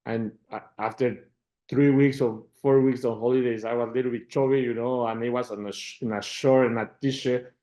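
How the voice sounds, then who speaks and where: A middle-aged man with a Mexican Spanish accent, a football manager answering interview questions in halting English, repeating words and getting animated when he retells conversations. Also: mid-range voice.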